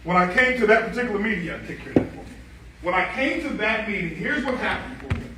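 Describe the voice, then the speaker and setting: A man giving a lively motivational seminar talk, telling stories and joking with a live audience. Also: sits high, quick pace, noisy background. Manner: animated storyteller, jokes with the crowd, asks for hands. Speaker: motivational speaker on stage. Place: large event hall. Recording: echoey hall, distant mic.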